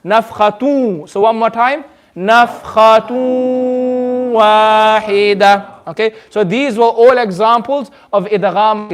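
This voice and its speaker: High-voiced man teaching recitation. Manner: patient, repetitive, draws out recited words slowly. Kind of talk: tajweed lesson with call-and-response recitation. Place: community centre classroom.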